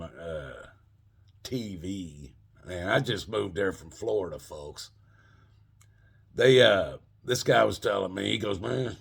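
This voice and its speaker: A man's voice: on the low side, creaky, slightly rough. A middle-aged man casually telling a rambling, profane story and calling his listeners folks. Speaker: channel host telling a story.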